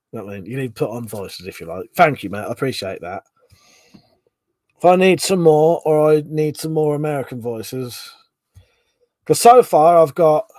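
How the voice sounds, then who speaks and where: Male streamer, casual and chatty, slightly high pitch, dry close sound. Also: darkish tone, dry recording. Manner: chatty, reads out viewer comments, swears casually. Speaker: livestream host. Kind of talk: casual livestream chat.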